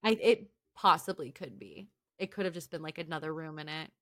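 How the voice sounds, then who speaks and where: A woman co-hosting a podcast, retelling TV scenes casually with animated asides. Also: low voice, a little fast. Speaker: podcast co-host. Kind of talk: casual recap chat.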